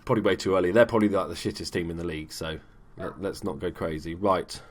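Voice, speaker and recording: A man giving casual, chatty commentary over a football management game, swearing freely and bursting into shouts at big moments. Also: low-pitched, steady tone, quick pace. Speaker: gaming YouTuber. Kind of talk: casual let's play commentary.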